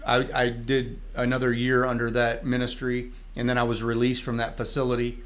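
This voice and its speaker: A man from Michigan giving a lively spoken testimony on a faith program. He tells stories with big swings of energy, rising high and loud at the climaxes, and prays with conviction. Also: normal speed. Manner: animated storyteller, speaking in tongues. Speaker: reverend and guest. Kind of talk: testimony in a faith talk show.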